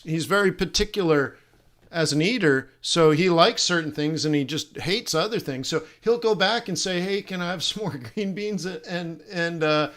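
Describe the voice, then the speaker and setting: A middle-aged man runs a live trading lesson in a high, bright voice. He is animated and jokey, teasing his viewers, trailing off into laughs and restarting his sentences. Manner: rambling, with frequent laughs and restarts. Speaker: forex trading instructor and host.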